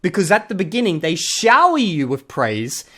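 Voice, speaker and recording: A man's voice: sits high, wildly swooping pitch, normal speed, fairly bright tone. A man with an Australian accent giving casual commentary as a channel host, blunt and sarcastic, and he swears casually. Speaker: channel host reviewing a video.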